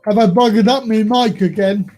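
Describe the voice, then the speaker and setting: A man's voice: high-pitched, moderate pace, mellow, soft background music. A man hosting a live stream, chatty, self-mocking and easily exasperated. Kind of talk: casual live-stream chat. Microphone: video call stream mic.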